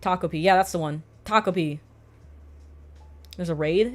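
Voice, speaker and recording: A woman in her thirties streaming live, chatting casually with viewers, swearing freely and bursting into loud excited greetings. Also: fairly low pitch, moderate pace.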